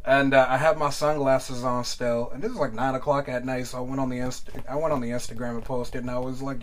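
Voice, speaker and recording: A young man hosting a podcast in casual chat, talking loudly, laughing often and swearing freely. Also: medium pitch, steady tone, brisk, few pauses, a little hiss or hum, low-quality recording. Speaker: podcast host.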